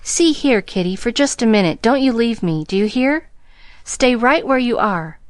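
A jittery young woman digs in her heels, talking fast and plain in country grammar, as a woman reader puts her on. Her voice sits a little higher than the narration, in a dry close sound. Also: expressive, no echo, lightly acted. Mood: insistent. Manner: hurried, insistent, rural grammar. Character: troubled young woman, nervous and defiant.

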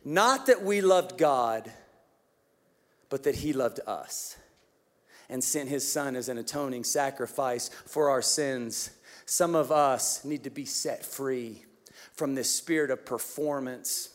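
A man preaching a Christmas sermon as pastor, telling a story with lively, animated delivery that drops to hushed tenderness. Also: mid-range voice, slow pace.

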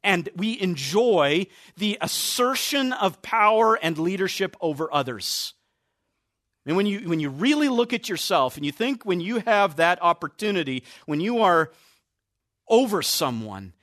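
A man preaching a sermon as pastor, stressing key words with slow, drawn-out emphasis. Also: a little high, expressive, a bit bright, no room sound, clean studio sound.

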